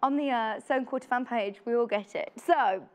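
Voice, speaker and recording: High-voiced chatty woman presenter. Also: moderate pace, darkish tone, clean tone. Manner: chatty and upbeat, asks the viewer rhetorical questions. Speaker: shopping channel presenter. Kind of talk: live TV shopping demonstration. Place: TV studio.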